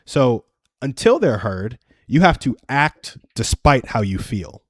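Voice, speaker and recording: A man's voice: mid-range voice, sing-song, slow pace, breathy edge, dry recording, clean studio sound. A young adult man hosting a live stream, giving earnest, self-deprecating advice through personal stories in a casual chat.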